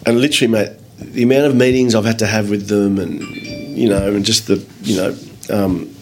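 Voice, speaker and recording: A man with an Australian accent and a fairly low voice tells business stories as a guest in a relaxed interview. He talks in a loose, lively way, swears freely, calls people mate and acts out the voices of the people in his anecdotes. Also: normal speed, soft background music. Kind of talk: casual storytelling in a podcast interview.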